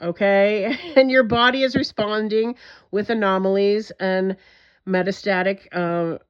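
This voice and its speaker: Woman vlogger, monologue to camera; intense, emphatic, frustrated, swears freely; mid-pitched voice, slightly dull lo-fi sound. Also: steady tone, measured pace, clear, resonant tone.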